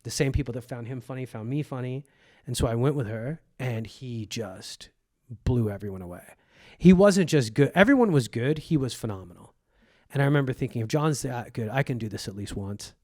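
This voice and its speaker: A man's voice: medium pitch, fairly quick, darkish tone, no room sound, studio quality. A comedian in his forties who grew up in Egypt, telling stories in a casual podcast conversation, acting out quoted voices and swearing freely. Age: 40s. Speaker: comedian guest.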